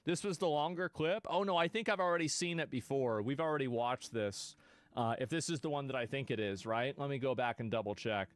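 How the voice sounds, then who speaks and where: A man streaming live, reacting bluntly to clips with profanity and sudden loud outbursts. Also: mid-range voice, brisk.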